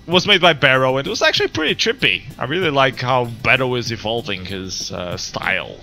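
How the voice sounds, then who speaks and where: A man hosting a casual livestream chat, relaxed and chatty, often laughing. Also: mid-range voice, a little fast, gravelly, faint music behind. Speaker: livestream host.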